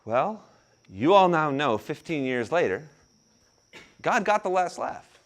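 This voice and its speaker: A man in his thirties giving a sermon, telling his story with acted-out quotes and a mild stutter he controls with deep breaths. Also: slow. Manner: animated storytelling, acts out quotes. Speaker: pastor. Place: room with an audience.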